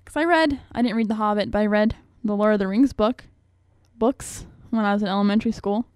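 A woman's voice: mid-range voice, a little fast, a little mellow, smooth, dry recording, studio quality. A young woman hosting a radio show, talking in a rambling, chatty, self-mocking way. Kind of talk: casual chat.

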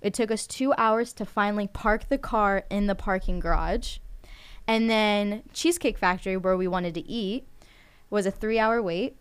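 A young woman runs a college radio show in a smooth, clear voice. She chats and rambles, packs her talk with fillers and little giggles, and speaks close to a studio microphone. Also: mid-range voice, normal speed. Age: young adult. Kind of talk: casual radio chat.

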